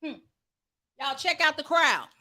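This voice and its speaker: High, bright-voiced woman preaching fervently. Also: expressive, unhurried, dry recording. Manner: fervent, rising to shouts, calls out to the congregation. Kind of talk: sermon.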